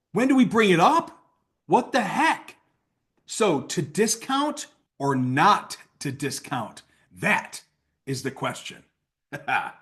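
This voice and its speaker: A man gives a casual sales training talk, blunt and worked up, his delivery swinging between loud outbursts and low asides.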